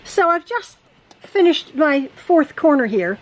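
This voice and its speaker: Chatty high-voiced woman teaching sewing. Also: very animated, slow pace, dull audio. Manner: chatty, repeats herself, stammers and restarts. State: a little out of breath. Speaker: quilting teacher. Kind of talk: casual sewing tutorial. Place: home sewing room.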